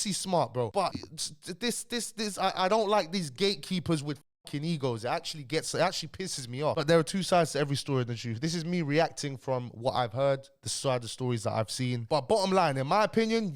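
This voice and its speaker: A young man giving blunt, heated reaction commentary, sounding ill. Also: a little high. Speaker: YouTube commentator.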